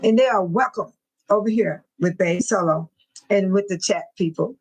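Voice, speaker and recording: An older woman hosting a casual livestream from home, talking straight to her viewers in chat, emotional and quick to bless and pray. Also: medium pitch, a little mellow, husky, low-quality recording. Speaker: livestream host.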